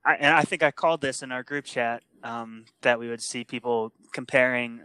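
A man's voice: medium pitch, moderate pace, bright, forceful tone, smooth, no room sound. A young man co-hosting a podcast, giving blunt, opinionated takes in a casual way and laughing often. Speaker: podcast co-host.

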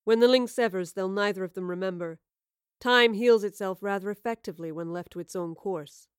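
A woman's voice: medium pitch, a little fast, smooth, no room sound, studio quality, natural voice. A woman reading a storybook voices a smug, scheming villainess with a goading, mocking manner. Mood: dismissive.

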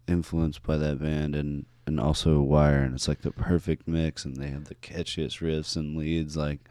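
Deep-voiced, laid-back musician man. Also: flat delivery, normal speed, warm tone, no room sound. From San Francisco. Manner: laid-back, rambling, lots of "like". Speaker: musician guest. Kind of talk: casual chat.

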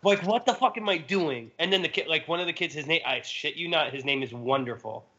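A man co-hosting a casual podcast, telling an animated, profane story. His voice is bright and forceful, a little higher than most. The audio is slightly dull and lo-fi. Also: brisk. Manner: animated storyteller, swears freely. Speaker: podcast co-host. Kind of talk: casual chat.

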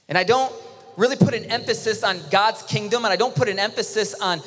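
A man from Michigan preaching a sermon to a large auditorium, earnest and often dropping to a soft, intimate hush. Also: high voice, brisk. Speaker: worship leader and preacher. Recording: live hall with long reverb, faint music.

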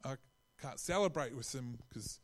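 A man's voice: mid-range voice, expressive, moderate pace. A man preaching a sermon in a conversational way, often restarting his phrases and acting out quotes.

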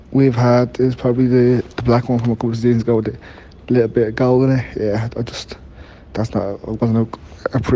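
Young man, flat and mellow. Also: medium pitch, muffled recording, slight background noise. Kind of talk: casual chat.

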